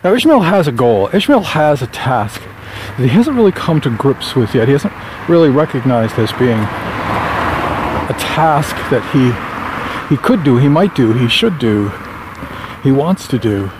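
A man of middle pitch talks on a stroll along a street, with faint traffic hum behind him. He meanders from thought to thought, restarts his sentences and slips in dry little jokes. The mood is loose and unhurried, a writer thinking out loud. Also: sing-song. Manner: meandering, self-correcting, wry. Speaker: novelist. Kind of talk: casual rambling monologue on a walk. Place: outdoors on a town street.

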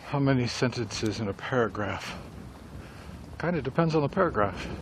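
A man's voice: mid-range voice, lively intonation, normal speed, a little hiss or hum. Rambling middle-aged man musing on writing. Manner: rambling, reflective. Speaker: writer vlogger. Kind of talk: casual talk while walking.

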